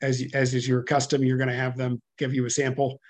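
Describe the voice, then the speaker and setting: A man chairing a public commission hearing, halting and full of fillers and self-corrections, speaking over a video call. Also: medium pitch, completely flat delivery, no room sound.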